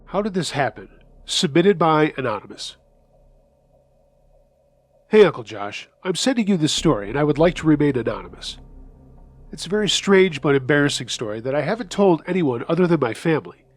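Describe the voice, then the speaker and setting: A man narrating true scary stories as the host of a horror story show, reading in a measured, steady voice. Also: a little high.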